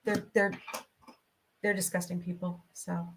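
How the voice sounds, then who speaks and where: A woman's voice: lowish voice, little pitch movement, a little slow, fairly bright tone, slightly rough. Middle-aged woman on her laptop livestream at home, emotional, venting, chatty. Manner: emotional, venting, tearful at times. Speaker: podcast host. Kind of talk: casual livestream chat. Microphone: laptop microphone.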